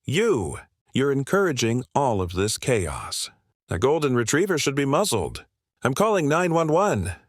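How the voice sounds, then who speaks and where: A man voicing a shrill, indignant, entitled middle-aged woman in a narrated story. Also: sing-song, unhurried, dry recording, studio quality. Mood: shrill outrage. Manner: shrieking, indignant.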